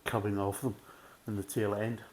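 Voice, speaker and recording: A man's voice: fairly low pitch, flat delivery, moderate pace, darkish tone, a little hiss or hum. A man giving a casual, methodical beer tasting review, full of "kind of" fillers.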